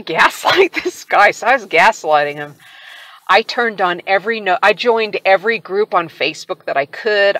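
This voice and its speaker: A middle-aged woman talks through her own story in an easy, candid way, and she often laughs as she goes. Her voice sits on the low side. The sound is close and dry, with no room echo. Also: a bit bright. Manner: candid, wry, laughs often while recounting. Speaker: channel host telling her own story. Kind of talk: casual personal storytelling to camera.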